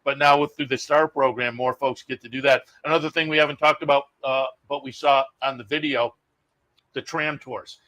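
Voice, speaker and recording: Bright-voiced male racing show host. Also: mid-range voice, steady tone, moderate pace, low-quality recording. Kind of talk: conversational interview.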